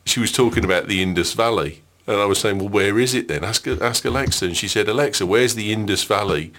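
A man's voice: fairly low pitch, a bit bright. A man casually chatting as a podcast co-host, telling family anecdotes and laughing at them. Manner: anecdotal storyteller, laughs at his own stories. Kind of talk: casual chat.

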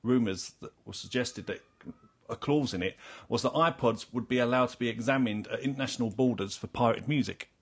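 A man hosts a relaxed panel chat with a husky, slightly breathy voice. He talks in a teasing, conversational way and sometimes trips over and restarts his sentences, at a middle pitch. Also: a little fast. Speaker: podcast host.

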